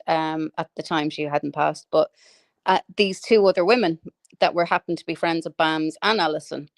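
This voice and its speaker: Animated woman ranting with laughs. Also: sits low, clear, resonant tone, dry recording, clean studio sound. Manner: animated, swears freely, laughs while ranting. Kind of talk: casual chat on a livestream.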